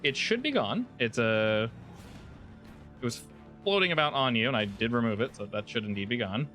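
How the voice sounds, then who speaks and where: A man hosts a tabletop game as its game master, talking in a relaxed and joking way with many fillers and restarts. His voice sits at a middle pitch, and soft background music plays under the session. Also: normal speed.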